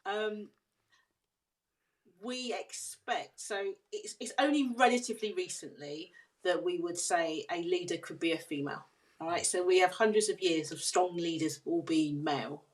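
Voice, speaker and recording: Woman, lowish voice, earnest and measured podcast guest. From United Kingdom. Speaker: guest, leadership consultant. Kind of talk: podcast interview.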